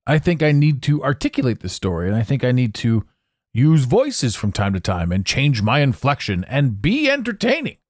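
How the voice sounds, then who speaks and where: Animated rambling male podcast host. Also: medium pitch, moderate pace, no room sound, studio quality. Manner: rambling, animated, jokey self-talk. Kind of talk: solo podcast monologue. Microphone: close studio mic.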